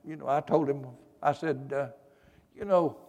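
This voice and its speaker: Folksy pastor in an echoing hall. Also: male voice, mid-range voice, little pitch movement, moderate pace, a little mellow. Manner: folksy, earnest, many fillers. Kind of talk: storytelling sermon. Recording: long hall reverb.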